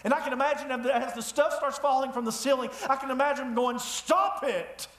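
A man preaching a sermon in a church, telling the story with lively humor. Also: very high-pitched, fast talker. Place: church sanctuary. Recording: echoey room.

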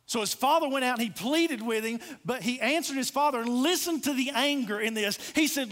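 A man's voice: extremely high pitch, brisk, few pauses, a bit bright. A man preaching a sermon, retelling a parable with passionate storytelling and direct appeals. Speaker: pastor.

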